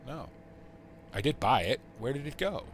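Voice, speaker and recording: An American man giving rambling let's-play commentary, halting and full of fillers. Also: medium pitch, sing-song, slight background noise. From United States. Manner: halting, full of uh and you know. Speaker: gaming channel host.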